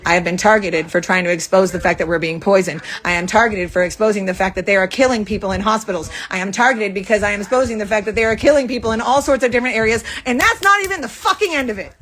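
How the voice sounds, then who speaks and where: A woman venting angrily to the camera, firing off profane, rapid accusations from a rented room. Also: medium pitch, fairly even intonation, fairly bright tone. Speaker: vlogger. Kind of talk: angry venting monologue to camera.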